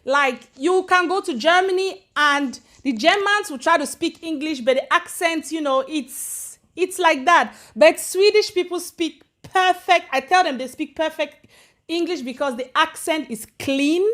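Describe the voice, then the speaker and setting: High-voiced african woman chatting on her livestream, greets viewers by name, mixes in swedish. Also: unhurried, fairly bright tone. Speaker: livestream host. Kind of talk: casual livestream chat. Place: home in Sweden.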